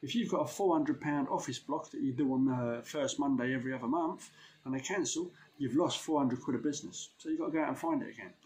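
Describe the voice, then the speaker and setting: A man's voice: medium pitch, quick pace, darkish tone. A man who runs a window cleaning business, giving blunt, slangy advice in a casual vlog.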